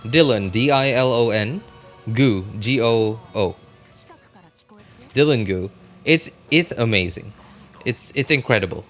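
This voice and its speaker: A man's voice: mid-range voice, unhurried, pauses often, soft background music. A man streaming a live reaction, chatting casually and rambling with many fillers and restarts.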